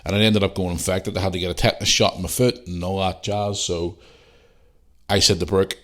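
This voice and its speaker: A man in his forties with a low, deep voice tells a story on his podcast. He swears often and throws himself into the voices of the people in his tale. His delivery is casual and animated. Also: moderate pace, long pauses. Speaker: podcast host.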